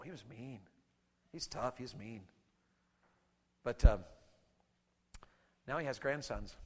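A man preaching to teenagers with animated storytelling, swinging from quiet asides into shouted bursts. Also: mid-range voice. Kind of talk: youth sermon. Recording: hall reverb.

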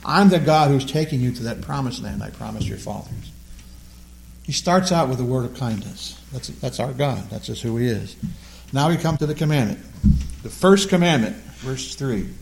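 A man's voice: medium pitch, expressive, moderate pace, creaky, darkish tone, a little hiss or hum. A man leading a Bible class, teaching emphatically and often repeating words as he stresses a point.

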